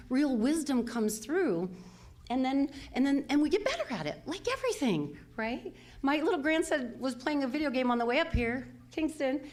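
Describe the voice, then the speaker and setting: A woman's voice: a little high, darkish tone. An older woman minister giving a conversational, self-deprecating sermon, full of fillers and small laughs. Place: church sanctuary.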